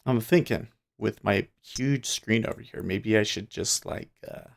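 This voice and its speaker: A man with a low, gravelly voice hosts a day trading livestream from his trading desk. He thinks out loud in a relaxed, drowsy way, rambling between market remarks. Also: unhurried. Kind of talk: casual live market commentary. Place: home trading desk with large screens.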